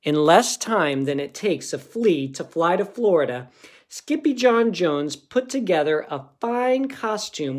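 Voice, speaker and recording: A man narrates a children's picture book. He takes his time and lets his pitch rise and fall a lot. His delivery sounds made for reading to kids. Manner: expressive, unhurried. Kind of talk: storybook read-aloud.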